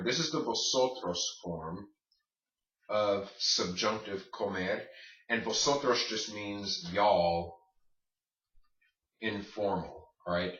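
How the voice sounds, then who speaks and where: A man's voice: on the low side, pushed and bright. A man teaching a Spanish grammar lesson, explaining step by step and asking his class rhetorical questions. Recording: distant, roomy, muffled.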